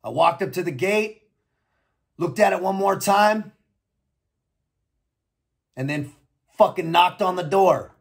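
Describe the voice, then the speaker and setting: A man's voice: sits high, takes it slowly, long pauses, breathy edge. An American man telling his own story in a blunt, profane and reflective way. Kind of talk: personal storytelling monologue.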